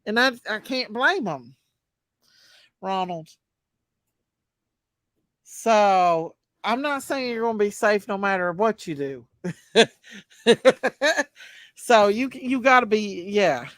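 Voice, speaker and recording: A woman in her forties with a drawl hosts a casual livestream, talking to her chat and commenting as she goes. Her voice sits at a middle pitch. The sound is close and dry. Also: lively intonation, slow pace, pauses often, a bit bright, dry recording, low-quality recording. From Kentucky. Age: 40s. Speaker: livestream host.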